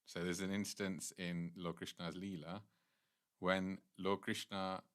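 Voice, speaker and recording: A man's voice: low-pitched, level tone, a little slow, a bit bright, clean tone. A man giving a devotional temple class, earnestly retelling scripture stories at length.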